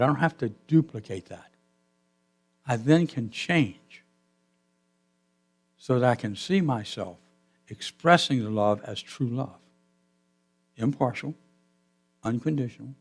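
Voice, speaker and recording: A man pastor giving a sermon in a church, telling a story with his voice swelling loud and then dropping to a hush. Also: medium pitch. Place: church sanctuary.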